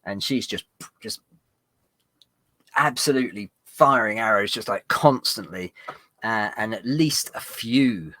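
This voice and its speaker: A man narrating as game master of a tabletop game, rambling and halting with many fillers. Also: lowish voice, bright, forceful tone, dry recording.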